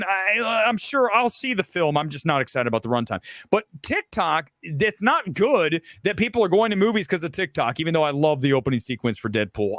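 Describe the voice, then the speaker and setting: Loud, combative male film-show host. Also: sits high, dry recording. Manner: loud, combative, opinionated ranting. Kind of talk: ranting live-stream commentary.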